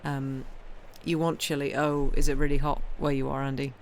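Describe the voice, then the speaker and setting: A tired woman chats casually with her viewers from home, rambling along and filling pauses with lots of ums. She answers chat messages one after another at a relaxed, unhurried pace. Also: very deep voice, slight background noise. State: tired, yawning. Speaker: livestream host reading books aloud.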